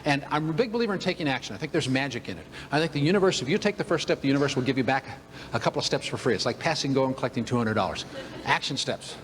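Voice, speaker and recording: An older man giving a motivational talk, telling a humorous story in an animated way to a room of listeners. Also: mid-range voice, rapid-fire, slight background noise. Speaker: motivational speaker. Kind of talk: storytelling keynote speech. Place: event room with audience. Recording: long hall reverb.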